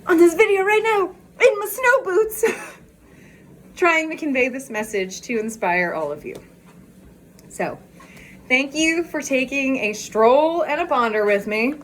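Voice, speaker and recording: This woman's voice sits high as she vlogs on an outdoor walk, captured by phone with a little background noise. Excitable and bubbly, she's short of breath and laughs often while chatting.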